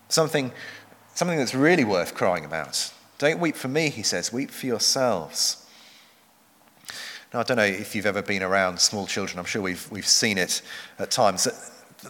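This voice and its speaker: Male pastor, sermon delivery, earnest, deliberate pauses, bright tone, long church reverb. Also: fairly low pitch. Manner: earnest, measured, slows for emphasis. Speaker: preacher.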